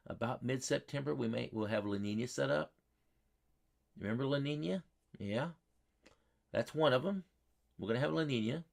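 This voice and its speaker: Man, weather stream host, folksy, repetitive, mid-pitched voice, chatting with viewers. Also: vocal fry. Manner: folksy, repetitive, quizzes his chat.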